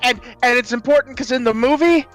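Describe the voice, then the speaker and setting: High, bright-voiced man chatting animatedly. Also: a little fast, faint music behind. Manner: animated, laughing retelling of movie scenes. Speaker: podcast co-host. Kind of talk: casual chat.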